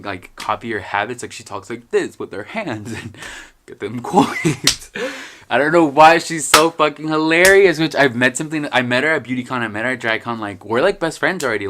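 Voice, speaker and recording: A man's voice: mid-range voice, noisy background. A young man telling stories in a casual vlog, rambling, joking and swearing freely. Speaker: vlogger.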